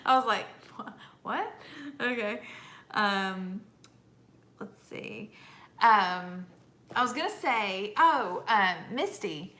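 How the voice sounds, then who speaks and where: Woman on a live stream, bright voice, reading comments out loud, laughs a lot. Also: mid-range voice, lively intonation, slow, long pauses. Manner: reads viewer comments aloud, laughs often. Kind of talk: casual live-stream chat.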